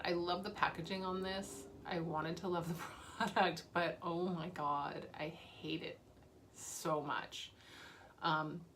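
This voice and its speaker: A woman's voice: on the low side, fairly bright tone, slight background noise. A woman beauty vlogger talking casually and candidly about makeup she is using up, with fillers and small laughs. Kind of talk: casual chat.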